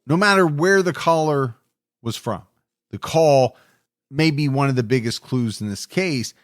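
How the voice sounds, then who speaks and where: A man co-hosting a true crime podcast, narrating the case in a measured, reflective way. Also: mid-range voice, lively intonation, no room sound, studio quality. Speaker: podcast co-host.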